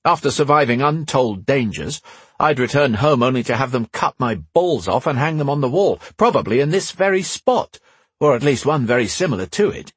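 A man's voice: medium pitch, animated, normal speed, slightly rough, no room sound, voice pushed up. A man voicing a weary, sardonic young man with a dry, sarcastic manner. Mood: sardonic, wry.

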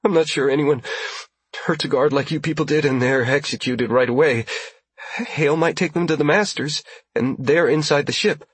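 Man playing a frightened young woman captive, high and shaky, breathy, close and dry. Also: normal speed, no echo. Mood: scared.

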